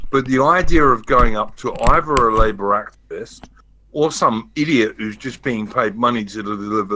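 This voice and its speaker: A man's voice: on the low side, pushed and bright, slight background noise. A middle-aged man with a South London accent, talking bluntly and swearing freely in a casual podcast chat. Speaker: podcast panelist.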